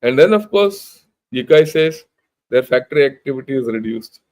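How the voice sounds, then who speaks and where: A man's voice: mid-range voice, animated, normal speed, a little mellow, poor audio. An older man with an Indian English accent giving an informal, emphatic talk, blunt and full of rhetorical questions. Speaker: retired army general giving a talk. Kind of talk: informal lecture.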